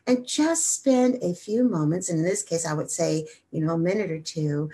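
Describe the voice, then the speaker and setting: A woman hosting a wellness show, talking energetically and then slowing down to guide a simple meditation. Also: fairly low pitch, dark tone, slightly rough. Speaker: wellness host.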